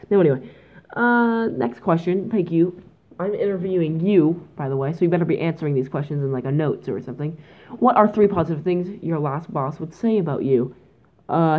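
A teenage girl from Canada hosting her own podcast alone, in a goofy, rambling and mock-dramatic way. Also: lowish voice. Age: teens. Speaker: podcast host. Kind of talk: solo podcast chat. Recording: tinny phone-like home mic.

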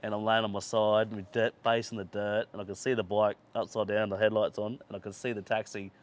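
A man's voice: lowish voice, little pitch movement, a little fast. A man hosting a podcast, telling a long, rambling anecdote in casual chat, swearing freely and laughing through his stories. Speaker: podcast host.

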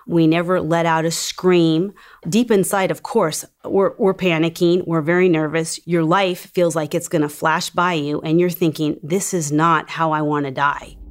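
Low-voiced woman calmly recounting. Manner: calm, measured storytelling. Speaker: attack survivor telling her story. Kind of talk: recounted personal testimony.

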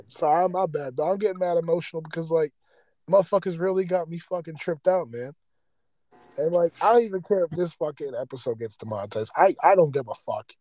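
A man's voice: on the high side, fairly quick, a little mellow, no echo, rough recording. A man hosting a podcast, ranting with heavy profanity and raw emotion in a rambling, casual way. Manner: impassioned, heavily profane, rambling. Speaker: podcast host.

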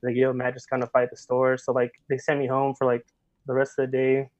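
A man guest on a podcast, telling a story in casual chat, animated and full of slang and filler words. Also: medium pitch, a little fast, dry recording, dull audio. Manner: animated, heavy slang, many filler likes.

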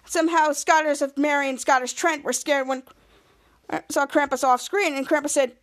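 High-voiced woman recapping a show. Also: steady tone. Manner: halting retelling with frequent restarts and cut-off words. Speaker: podcast host. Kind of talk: scene-by-scene episode recap.

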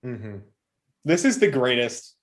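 A man's voice: medium pitch, slow pace. A man co-hosting a movie recap podcast, chatting casually and cursing often, acting out the characters' lines as he retells scenes. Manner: profane, animated retelling with quoted voices. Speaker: podcast co-host.

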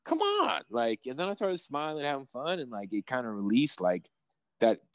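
A young male fighter talks in a loose, swearing, excitable ramble at an ordinary middle pitch. His voice sounds close and dry, with almost no room sound. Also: moderate pace, dry recording, dull audio. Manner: profane, rambling, excitable storytelling. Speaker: professional fighter guest. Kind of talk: casual interview chat.

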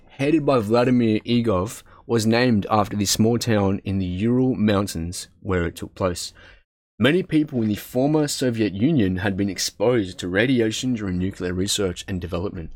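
A man's voice: fairly low pitch, dry recording, clean studio sound. A man reading text aloud with frequent stumbles and self-corrections, breaking off into casual asides. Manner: stumbles over words, swears and laughs at himself; reads aloud, then breaks into chatty asides.

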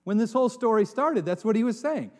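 A high-voiced man preaching a sermon to his congregation. He drops to a hush, then rises to dramatic shouts. His voice rings out with a long reverb in the church hall. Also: expressive, quick pace. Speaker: pastor.

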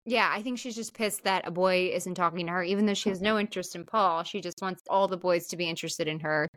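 A woman co-hosting a casual podcast and recapping a film in detail. She is animated, laughs easily and acts out bits of dialogue as she tells the story. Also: lowish voice, quick pace, dry recording. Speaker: podcast co-host.

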